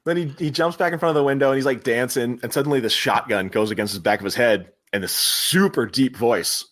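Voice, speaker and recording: A man hosting a podcast, retelling a movie scene by scene in casual chat and laughing often. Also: mid-range voice. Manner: animated retelling, puts on quick voices for quotes, laughs often. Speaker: podcast host.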